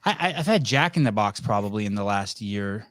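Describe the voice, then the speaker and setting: A man's voice: lowish voice, lively intonation, fairly quick, fairly bright tone, dry recording, clean studio sound. A man hosting a live call-in podcast, joking and teasing callers in casual, rambling banter. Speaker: podcast host.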